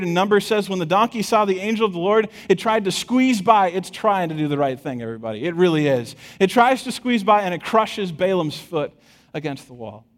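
A man preaching a sermon, retelling a scripture story with an animated, chuckling storytelling manner and addressing the congregation directly. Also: high-pitched. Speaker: pastor. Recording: long hall reverb.

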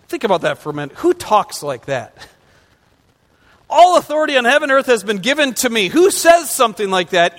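A man's voice: very high-pitched, fairly bright tone. A man pastor delivering a conversational sermon, asking his congregation rhetorical questions as he goes. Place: church sanctuary. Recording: long reverb of a large hall.

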